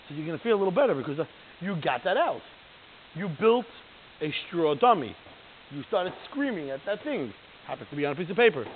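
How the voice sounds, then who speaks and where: A man teaching a text study class. He reads Hebrew lines aloud, then translates and explains them in a conversational way, putting rhetorical questions to the class. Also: high voice. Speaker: Torah teacher. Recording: tinny phone-like audio with faint hiss.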